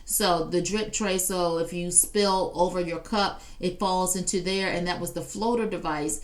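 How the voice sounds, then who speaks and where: This live shopping show host is a woman who speaks at a moderate pace in a lowish voice with fairly even intonation. She keeps things chatty and casual, turning to viewers directly and reading their comments out loud.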